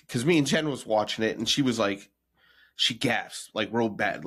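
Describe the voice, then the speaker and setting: A man co-hosting a podcast in casual chat, talking bluntly with mocking, animated rants. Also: medium pitch, moderate pace, slightly rough. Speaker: podcast co-host.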